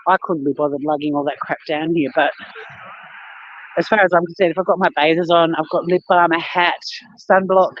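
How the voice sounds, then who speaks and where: A woman's voice: on the low side, steady tone, a little fast, dry recording. An Australian woman rambles through a live-stream vlog outdoors on a beach, blunt and liberal with swearing. Her talk is loose and chatty. The phone audio is dull and lo-fi. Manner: blunt, swears freely, laughs often. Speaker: vlogger. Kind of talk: casual live-stream chat.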